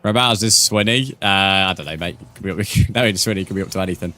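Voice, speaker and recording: Man, young adult, streamer, slightly low voice, casual banter, reads chat. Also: quick pace, pushed and bright. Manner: casual, swears often, banters with viewers. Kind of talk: live gaming commentary, reading chat.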